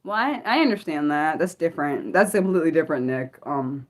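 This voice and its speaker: A woman hosts a casual livestream in a fairly low voice. She rambles through her thoughts, stopping and restarting, with plenty of ums. She answers her chat as she goes. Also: expressive, fairly quick. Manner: rambling, many fillers and restarts, reading chat aloud. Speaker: livestream host.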